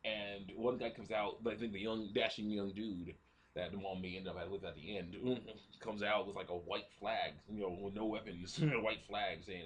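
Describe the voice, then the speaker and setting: A man casually retelling a movie plot, rambling with lots of fillers and frequent throat clearing. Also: lowish voice, fairly even intonation, normal speed, slight background noise. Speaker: ministry video host.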